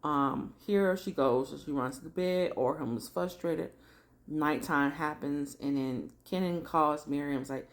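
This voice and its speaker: A woman's voice: sits low, measured pace. A woman chatting through a casual, slangy recap of a TV drama episode. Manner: chatty slangy storytelling, acts out characters.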